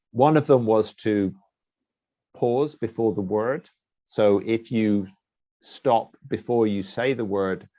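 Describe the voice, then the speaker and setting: A man with a low, gravelly voice gives a university lecture in an easy, explaining manner. His talk is full of ums and small wry asides. The recording sounds dull and dry. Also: dry recording. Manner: relaxed, filler-heavy explaining with self-deprecating asides. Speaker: guest lecturer. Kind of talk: academic lecture. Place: remote talk.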